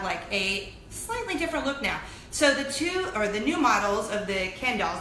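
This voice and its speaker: A woman in her thirties hosting a weekly web show, chatting casually to camera in an animated, self-deprecating way. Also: fairly high pitch. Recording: echoey room with faint noise.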